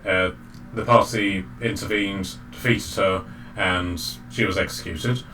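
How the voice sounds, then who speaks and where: A man narrating as game master of a tabletop game, halting often with fillers and restarts. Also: low voice, fairly even intonation, over music. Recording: distant mic, faint background noise.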